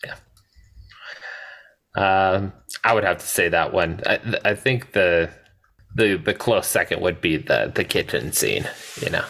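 A man's voice: sits low, animated, unhurried, creaky, fairly bright tone. A man co-hosting a podcast, chatting casually and hesitantly, with many fillers and laughs. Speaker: podcast co-host. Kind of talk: casual chat.

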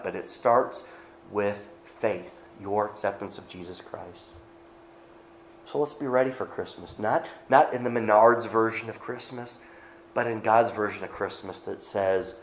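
A man's voice: on the low side, normal speed, roomy sound, a little hiss or hum. A male pastor preaching a conversational sermon, with joking asides to the congregation.

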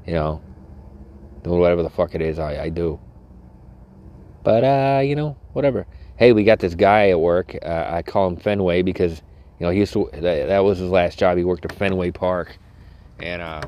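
Low-voiced, foul-mouthed rambling podcaster. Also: male voice, normal speed, darkish tone, no echo. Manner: profane, rambling, self-interrupting. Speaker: podcast host.

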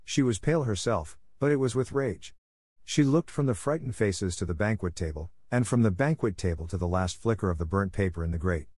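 A man narrating a classic novel as an audiobook in a steady, even telling. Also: on the low side, fairly quick, breathy edge, no echo, studio quality.

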